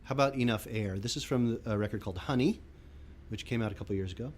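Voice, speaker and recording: A man, a musician, introducing his next song in a soft-spoken, offhand way. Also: fairly low pitch, fast talker, a little hiss or hum.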